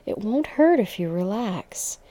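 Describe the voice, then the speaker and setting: A woman voicing a playful, dominant female lover in an erotic audio story, teasing at times and soft and soothing at others. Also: mid-range voice, big pitch swings, measured pace, no room sound, voice pushed up. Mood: soothing whisper.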